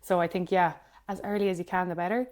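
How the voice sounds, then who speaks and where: A woman's voice: on the low side, fairly even intonation, fast, a little mellow. A woman co-hosting a podcast, giving practical advice in casual chat. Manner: practical, explains in detail. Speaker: podcast co-host.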